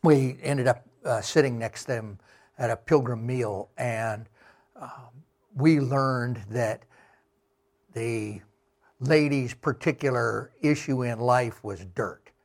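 A middle-aged man giving a talk with slides, telling travel anecdotes slowly with many fillers. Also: mid-range voice, creaky. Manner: slow, unhurried anecdotes with fillers. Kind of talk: storytelling talk.

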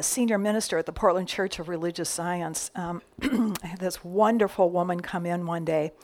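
A woman minister giving a sermon, telling stories lively with whispered asides. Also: lowish voice.

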